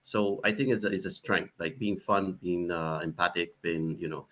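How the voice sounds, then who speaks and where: A man speaking on a panel, animated and emphatic, with frequent "uh" and "you know" as he works through his ideas. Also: sits low, normal speed. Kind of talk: panel discussion.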